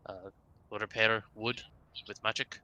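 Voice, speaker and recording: Lower-voiced guy playing d&d, very bright sharp tone, faint hiss behind. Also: flat delivery, measured pace, low-quality recording. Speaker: player. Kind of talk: playing a tabletop game.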